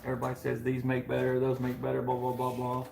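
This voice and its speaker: A man's voice: medium pitch, completely flat delivery, fast, gravelly, a little mellow, echoey room, slight background noise. A man working as a mechanic, talking about engine parts in a matter-of-fact way. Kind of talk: casual shop talk.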